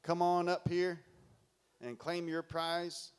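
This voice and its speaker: A man's voice: sits high, monotone, clear, resonant tone. Hearty man emceeing a raffle. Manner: loud, hearty, calls out raffle numbers slowly. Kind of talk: conference emcee announcements. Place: large conference hall.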